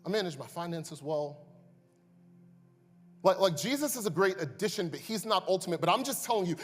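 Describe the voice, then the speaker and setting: A man preaching a sermon as pastor, moving between hushed asides and loud, impassioned climaxes. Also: high voice, animated, fairly quick, pauses often. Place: church sanctuary. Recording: long reverb, faint music behind.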